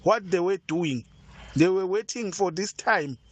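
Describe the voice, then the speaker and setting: Indignant man with a slightly high voice. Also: measured pace, lo-fi sound. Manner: indignant, rhetorical questions. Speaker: listener sending a voice note.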